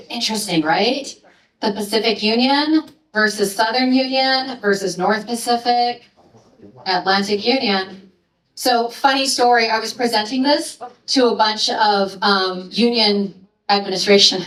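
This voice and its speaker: A woman presenting her research to an audience in a lecture, chatty and playful, with quick asides. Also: mid-range voice, a bit bright. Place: lecture hall. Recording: echoey hall from a distance.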